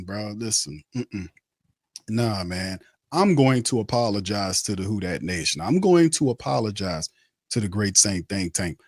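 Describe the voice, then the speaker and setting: A man's voice: fairly low pitch, no echo, studio quality. A man hosting a postgame sports show. He rants bluntly and heatedly and keeps repeating his phrases. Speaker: sports talk show host.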